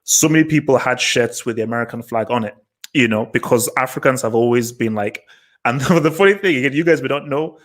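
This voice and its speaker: A man hosts a casual live panel discussion. He talks in long, winding runs, stacking up fillers and breaking into laughs as he goes. His pitch sits in an ordinary middle range for a man. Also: fairly quick, rough recording. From Nigeria. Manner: rambling, full of fillers, animated and laughing.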